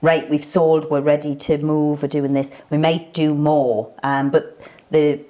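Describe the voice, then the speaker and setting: A middle-aged woman chatting as an interview guest, agreeable and quick to laugh. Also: sits low, level tone, warm tone. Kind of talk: casual chat.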